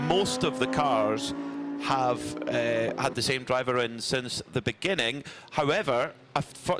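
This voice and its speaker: A Scottish man works through live race commentary at an even, middling pitch. His tone is relaxed and conversational, full of easy back-and-forth. Faint circuit noise sits behind his voice. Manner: chatty, relaxed banter.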